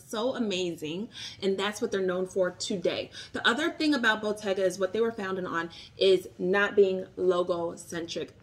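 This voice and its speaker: Brief: chatty woman in her thirties, bubbly and rambling, talking into a phone camera at home. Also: mid-range voice. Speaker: vlogger reviewing luxury bags. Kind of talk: casual chat to camera.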